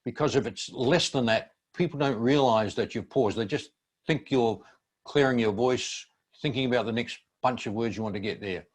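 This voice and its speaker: Measured older male teacher. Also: medium pitch. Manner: measured, instructive. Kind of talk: seminar presentation.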